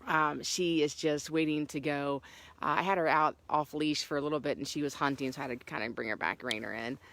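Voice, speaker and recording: A middle-aged woman hiker chatting to her camera outdoors on a trail, telling a story with lots of fillers and animated swings. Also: low voice, fairly quick. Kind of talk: casual vlog chat. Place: outdoors on a hiking trail in the morning.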